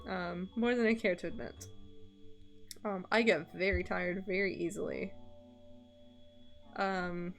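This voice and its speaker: A woman's voice: lowish voice, steady tone, takes it slowly, long pauses, faint music behind. A woman streamer in casual chat, rambling with many ums and frequent laughs. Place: lives in Scotland.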